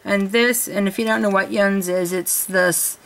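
A woman's voice: mid-range voice, fairly even intonation, a little slow, gravelly. An older woman from her home, gushing over handmade craft gifts in a casual show-and-tell vlog, often searching for words. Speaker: crafting vlogger. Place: home in Florida.

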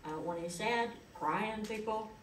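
A middle-aged woman, daughter of the deceased, delivers a eulogy as a string of chatty, folksy personal stories. Her medium-pitched voice moves at a moderate pace, sounding distant in an echoey hall with a little hiss or hum.

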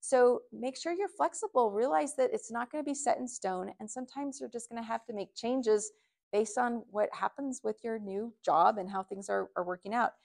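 A woman's voice: fairly high pitch, normal speed, creaky, darkish tone. A middle-aged woman presenting a video workshop, advising the viewer directly.

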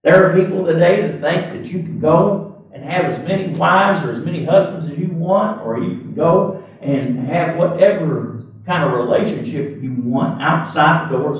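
Impassioned preacher, echoey and far off. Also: male voice, highs cut off. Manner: impassioned, rising to shouts and dropping low. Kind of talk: sermon. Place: church sanctuary. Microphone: webcam. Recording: echoey webcam audio from across the room.

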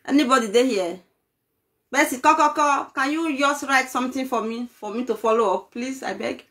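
A woman with a Nigerian accent, telling gossip in a casual vlog and excitedly pleading with her viewers for details. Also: sits high, normal speed. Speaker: vlogger.

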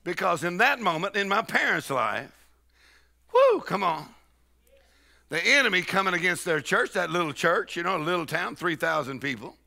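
Preacher guy, middle-aged, gravelly and bright, shouts and swoops all over the place. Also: high voice, expressive, a little fast, hardly any pauses. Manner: shouting, exhorting, repetitive call-and-response. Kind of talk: charismatic sermon.

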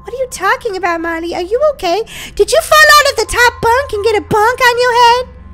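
Woman voicing a game girl, very high, sharp and bright, bubbly and bossy. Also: brisk, faint music behind. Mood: chiding.

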